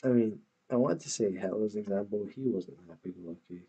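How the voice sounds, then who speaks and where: A man's voice: fairly low pitch, brisk, mellow, husky, dull audio. A man hosting a reaction video, talking back at a clip with scornful, swearing commentary.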